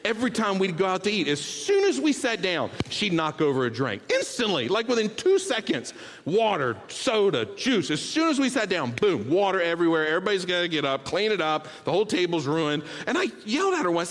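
Man preaching, fairly high voice, storytelling sermon, loud bursts and soft earnest stretches, long hall reverb. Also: brisk. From Bahamas. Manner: storytelling, swings from loud animated bursts to hushed earnest tones.

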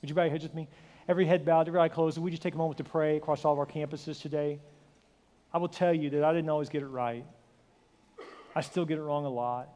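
A pastor in his forties preaching a sermon, telling stories with acted-out dialogue and lively delivery. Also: a little high, fast talker. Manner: animated storytelling, acts out dialogue with shifting voice. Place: large church hall. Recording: hall reverb.

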